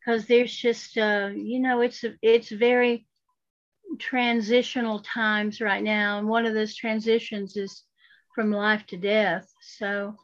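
A woman's voice: medium pitch, level tone, slow. Folksy woman co-host, lo-fi sound. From North Carolina, US. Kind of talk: casual chat.

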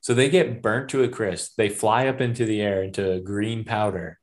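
A man co-hosting a casual movie podcast, recapping scenes in a relaxed way and laughing along. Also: on the low side, normal speed. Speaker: podcast co-host.

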